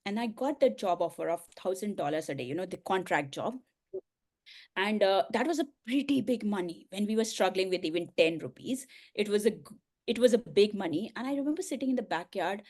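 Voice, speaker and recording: A middle-aged woman as an interview guest, recounting her past with earnest feeling. She talks in an even, mid-pitched voice and laughs softly now and then. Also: fairly quick. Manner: earnest, emotional storytelling with soft laughs. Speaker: guest, coach and speaker. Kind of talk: personal story in an interview.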